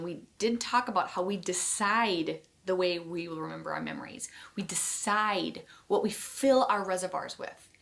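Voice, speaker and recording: A woman co-hosting a teaching course. She explains with lively, playful expression and slips into little acted examples. Her voice sits at an ordinary middle pitch for a woman. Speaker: co-host teaching a marriage course.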